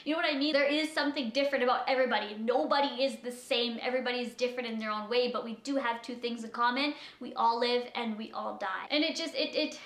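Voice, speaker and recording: A woman's voice: a little high, steady tone, fast talker, hardly any pauses, fairly bright tone, reverberant. A woman vlogger talking in an anxious, rambling way, short of breath and full of "like". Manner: anxious, rambling, heavy use of "like". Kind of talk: confessional vlog talk.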